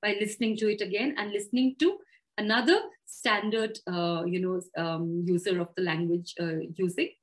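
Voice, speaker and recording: A woman's voice: medium pitch, fairly even intonation, moderate pace, low-quality recording. A woman with an Indian English accent, a communication trainer giving practical advice in an interview, thoughtful and full of fillers and self-corrections.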